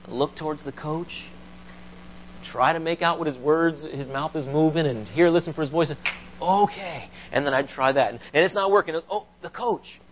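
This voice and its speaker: Male preacher telling sermon stories with animated delivery, dull low-fi church recording. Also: a little fast, a little hiss or hum. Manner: animated storytelling, rising to loud acted quotes.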